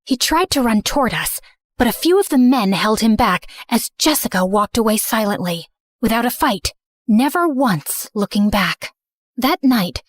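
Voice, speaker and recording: A woman narrating a scripted animated story in first person, earnest and remorseful. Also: a little high, no echo, clean studio sound.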